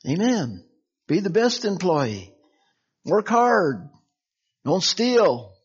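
A man's voice: high-pitched, very animated, extremely slow, husky. A man preaching an informal sermon in a chatty, conversational way, peppered with "you know", chuckles and acted-out dialogue. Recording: dull lo-fi sound.

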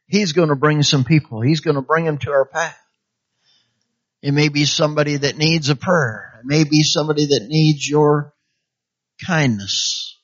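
A fairly high-voiced man preaching a sermon, punctuating his points with amen and hallelujah and slipping into little voices for the people he quotes. The recording is dull and lo-fi. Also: normal speed, fairly bright tone. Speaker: pastor. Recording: dull lo-fi sound.

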